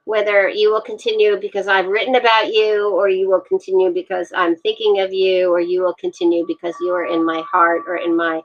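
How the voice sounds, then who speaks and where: A woman guest on a video call talking about wine with a relaxed, enthusiastic manner and frequent fillers. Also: mid-range voice, brisk, few pauses, lo-fi sound. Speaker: guest, wine communications expert. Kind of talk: casual interview over video call.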